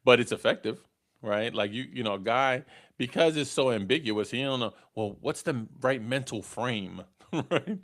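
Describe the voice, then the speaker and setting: A man's voice: mid-range voice, normal speed, a bit bright. A middle-aged man, hosting a live dating podcast in a casual storytelling way and tagging his lines with "right?". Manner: conversational, tags lines with "right?", chuckles at own stories. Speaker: podcast host.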